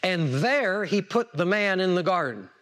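A man's voice: high-pitched, lively intonation, a little slow, fairly bright tone. A man preaching a sermon, repeating words for emphasis and asking the congregation questions. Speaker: pastor.

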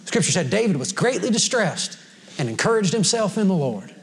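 This pastor's voice sits high and is gravelly, with a sing-song lilt and a fairly quick pace. He preaches to a congregation in a church sanctuary in a folksy style, often laughing and quoting scripture.

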